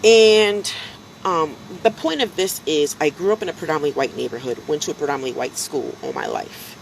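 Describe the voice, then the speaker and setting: A woman's voice: deep voice, a little fast, creaky, a little hiss or hum, poor audio. Chatty woman telling stories on a live stream. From United States. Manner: chatty, animated storytelling, many fillers. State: slightly drowsy with allergies. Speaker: animal welfare advocate streaming live to followers. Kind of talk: casual live-stream talk.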